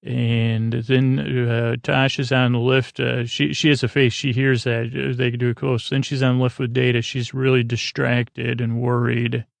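Brief: man, rambling slangy storyteller, gravelly, monotone delivery. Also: mid-range voice, no room sound. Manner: rambling, slangy, many filler pauses. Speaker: podcast storyteller. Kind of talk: casual bedtime story retelling.

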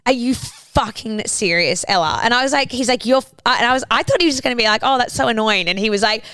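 A woman's voice: a little high, rapid-fire, clean tone, no room sound. A woman, co-hosting a casual podcast and retelling stories, acting out what people said and swearing freely. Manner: animated storyteller, acts out quoted lines, swears freely. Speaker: podcast co-host. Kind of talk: casual chat.

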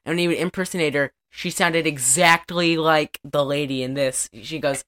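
A woman's voice: low-pitched, fairly even intonation, normal speed, fairly bright tone. A young woman in casual podcast chat, recapping a movie in a rambling way with lots of "like" fillers and acted-out lines. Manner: rambling, many "like" fillers, acts out lines from the film. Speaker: podcast co-host.

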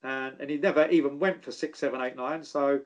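A man, a former footballer, telling animated anecdotes and swearing freely. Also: mid-range voice, fairly quick, highs cut off. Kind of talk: casual storytelling.

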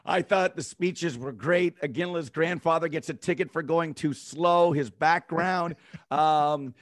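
A man's voice: a little high, measured pace, dry recording, studio quality. A man co-hosting a podcast, chatting casually and enthusiastically in a rambling way, often laughing. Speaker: podcast co-host. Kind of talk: casual sports chat.

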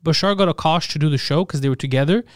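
A man with a slightly high voice hosts a laid-back podcast, rattling off rambling, profane stories at a quick clip. The sound is dry and close, with no room around him. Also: no echo. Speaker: podcast host. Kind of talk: casual podcast chat.

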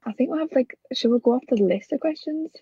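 A woman's voice: high-pitched, quick pace, dark tone, slightly rough, no room sound, dull audio. A woman from the Newcastle area with a Geordie accent, chatting casually, giggly and self-deprecating. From Newcastle area, England. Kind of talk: casual chat.

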